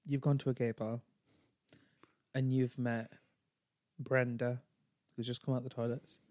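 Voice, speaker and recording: A man co-hosting a casual podcast, teasing and animated, on a close podcast mic. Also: mid-range voice, unhurried, no echo. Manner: teasing, animated, jumps into playful role-play. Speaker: podcast co-host. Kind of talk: casual chat.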